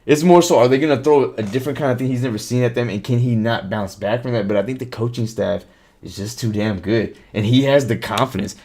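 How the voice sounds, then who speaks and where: A man's voice: mid-range voice, fast talker, a little mellow. A man hosting a live-streamed sports podcast, talking casually and animatedly, swearing freely and reacting to chat comments. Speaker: podcast host.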